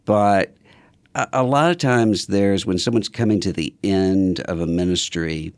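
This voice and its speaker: Deep-voiced older man, measured storyteller. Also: clean tone, no echo. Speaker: guest. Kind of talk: casual conversation.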